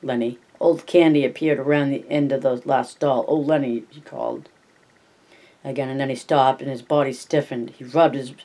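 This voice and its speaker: A man reading a novel aloud at an unhurried pace, now and then correcting himself and adding asides. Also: mid-range voice, steady tone, warm tone. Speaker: reader.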